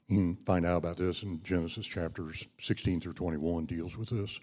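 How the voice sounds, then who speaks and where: A man's voice: sits low, moderate pace, mellow. A middle-aged man preaching a sermon, folksy and conversational, rising to emphatic when he reads scripture. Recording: long hall reverb.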